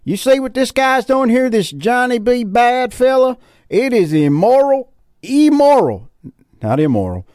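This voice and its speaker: Casting: a man putting on a furious Southern country man with a Southern drawl, shouting threats in a high, strained voice; a dry, close sound. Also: no echo, exaggerated voice. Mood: ranting.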